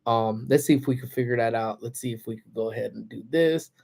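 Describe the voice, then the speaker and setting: A man's voice: mid-range voice, fast, creaky, darkish tone. A man hosting a casual lunch-break livestream, telling a story and greeting viewers by name. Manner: chatty, reads out viewer names. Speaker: livestream host. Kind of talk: casual live chat.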